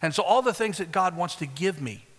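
Male pastor, high voice, storytelling sermon delivery that builds to loud emphasis; long church-hall reverb. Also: animated, fairly quick.

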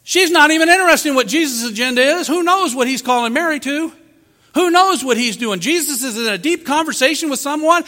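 A man's voice: very high voice, sharp tone. A man preaching a sermon as pastor, asking rhetorical questions and acting out quotes. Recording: long hall reverb.

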